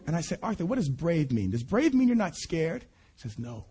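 A middle-aged man preaching a sermon and telling a personal story, animated, repeating himself and laughing between phrases. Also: on the high side, brisk, a little hiss or hum. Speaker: preacher at a student conference.

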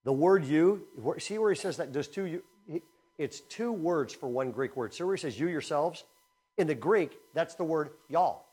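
A man preaching a sermon in a conversational style, energetic and swinging between loud emphasis and quiet asides. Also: fairly high pitch, normal speed, slightly rough. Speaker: speaker at a camp teaching session.

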